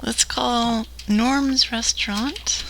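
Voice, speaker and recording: Woman, prank call co-host, quick offhand, higher bright voice. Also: steady tone, vocal fry, a little hiss or hum, poor audio.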